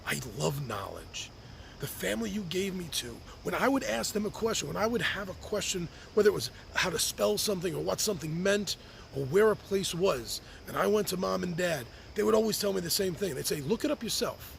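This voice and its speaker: A man's voice: high-pitched, expressive, a little fast, creaky, a little hiss or hum. A man speaking a heartfelt open letter on his podcast, reflective and earnest, sometimes restarting his sentences. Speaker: podcast host writing to his birth mother. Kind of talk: personal open-letter monologue.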